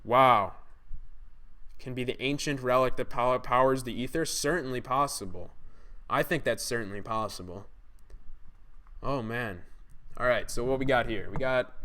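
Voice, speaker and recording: Excited young man streaming live. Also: mid-range voice, measured pace, long pauses. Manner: excited, talks to chat viewers. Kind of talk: live-stream gaming commentary.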